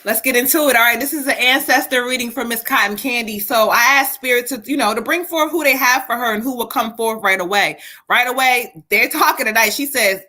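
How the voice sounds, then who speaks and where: A woman reads tarot live, in an animated, folksy way. Her voice sits a little high and sounds bright and forceful. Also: brisk, hardly any pauses. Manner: animated, folksy, channels spirit messages. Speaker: psychic reader.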